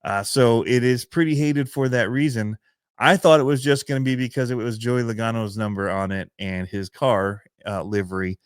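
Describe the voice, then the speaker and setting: A man's voice: medium pitch, steady tone, normal speed, smooth, dry recording, studio quality. A middle-aged man with a Michigan accent, hosting a podcast in a rambling, self-deprecating way and laughing often. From Michigan, USA. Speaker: podcast host and RC channel creator. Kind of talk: casual podcast chat.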